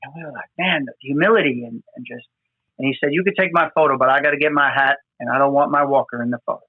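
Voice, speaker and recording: A man's voice: medium pitch, fast talker, no echo. A man, a firefighter hosting a podcast, telling field stories earnestly with many fillers. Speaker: podcast host, FDNY firefighter. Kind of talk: conversational storytelling. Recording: dry, phone-like remote audio.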